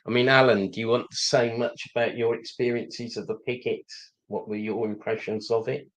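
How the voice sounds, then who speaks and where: A man hosting a livestream discussion, measured with occasional fillers. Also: medium pitch, flat delivery, poor audio. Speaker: host.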